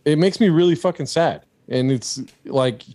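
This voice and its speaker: A man's voice: on the high side, normal speed, mellow, no echo. A man from California, a podcast host, chatting casually over a call and ranting with heavy profanity.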